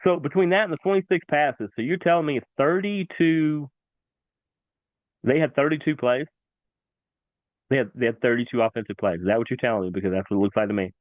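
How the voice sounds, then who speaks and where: A man hosting a casual sports talk show, excitable and animated, repeating himself for emphasis. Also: mid-range voice, brisk, long pauses, no room sound. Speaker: sports podcast host. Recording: dry, tinny phone-like sound.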